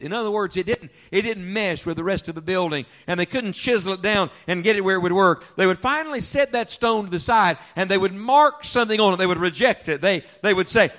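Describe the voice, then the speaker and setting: A male pastor delivers a sermon to his congregation in a church sanctuary. He relies on rhetorical questions and call-and-response, moving between loud emphasis and quiet, low reflection.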